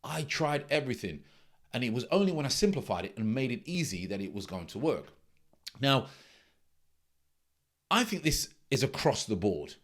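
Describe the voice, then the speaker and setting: A man's voice: mid-range voice, very animated, moderate pace, pauses often. A middle-aged man, a trading mentor giving a blunt, emphatic casual monologue that repeats its key points.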